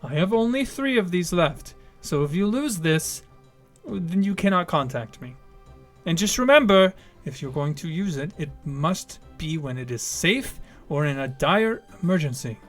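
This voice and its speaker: A man's voice: a little high, very animated, moderate pace, faint music behind. A man voicing a stern, short-tempered woman leader who gives firm orders and grumbles wearily about her burdens. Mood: commanding. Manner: commanding, threatening, weary.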